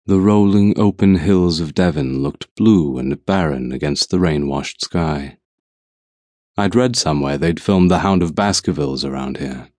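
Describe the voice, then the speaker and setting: A man narrating an audiobook in first person, measured and brooding, on a studio microphone. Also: very deep voice, darkish tone, dry recording.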